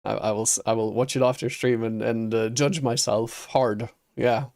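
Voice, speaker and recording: A man's voice: mid-range voice, fairly even intonation, moderate pace, creaky, darkish tone. A Norwegian man, a native Norwegian speaker, chatting casually with viewers on a game livestream and chuckling often. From Norway. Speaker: streamer.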